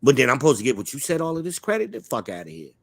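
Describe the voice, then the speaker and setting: A man's voice: mid-range voice, wildly swooping pitch, rapid-fire. A man with a mid-range voice hosts a live online talk show, and his delivery is blunt, profane and swaggering. The sound is close and dry, with almost no room echo. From Charlotte, United States. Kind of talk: casual opinionated chat.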